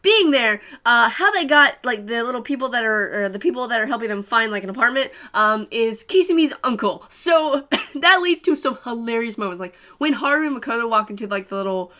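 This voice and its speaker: Young woman, bright and a bit high-pitched, chatty giggly fan reviewer. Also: expressive, brisk. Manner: giggly, rambling, many fillers and laughs. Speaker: anime reviewer. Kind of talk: casual spoiler review.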